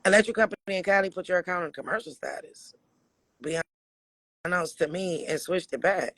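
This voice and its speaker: A man from Michigan with a raspy voice hosts a casual livestream, answering viewers' questions bluntly with frequent swearing and laughter. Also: high voice, fairly quick, bright, forceful tone, dry recording. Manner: blunt, profane, laughs often. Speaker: livestream host.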